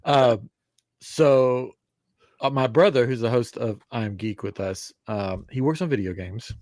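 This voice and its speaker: A man's voice: mid-range voice, a little slow, no room sound, studio quality. A man co-hosting a podcast in casual chat, telling stories and acting out the voices in them. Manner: animated storyteller, acts out voices in anecdotes. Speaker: podcast co-host.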